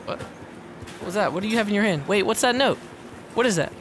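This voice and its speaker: A man streaming a video game, commentating live in an excitable, profane way and yelling at the characters. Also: high-pitched, brisk, a little hiss or hum.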